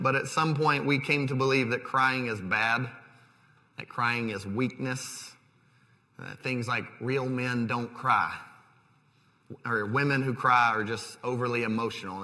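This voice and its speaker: A man in his thirties preaching a sermon as pastor, in a relaxed, conversational way with fillers and restarts. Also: mid-range voice, measured pace. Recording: long hall reverb.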